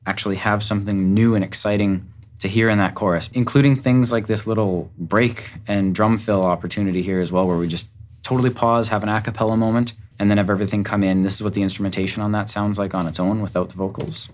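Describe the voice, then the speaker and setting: A music producer and recording engineer gives an upbeat, enthusiastic walkthrough of how a song was produced while the track plays faintly behind him. He talks fast in a lowish voice with fairly even intonation, and there's a little hiss or hum.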